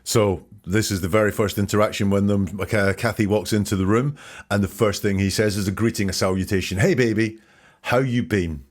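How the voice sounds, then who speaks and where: A man hosting a podcast, speaking in a somewhat low voice with calm, methodical analysis. He picks over quoted phrases carefully, in the steady tone of a practiced commentator. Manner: measured, methodical, quotes and dissects words. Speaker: podcast host.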